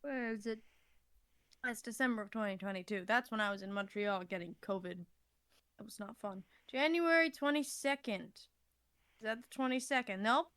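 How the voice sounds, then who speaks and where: A woman's voice: on the high side, moderate pace, fairly bright tone, smooth. A woman co-hosting a podcast in casual chat, rambling, laughing and swearing as she reads from an old notebook. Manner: reading aloud from an old notebook. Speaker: podcast co-host.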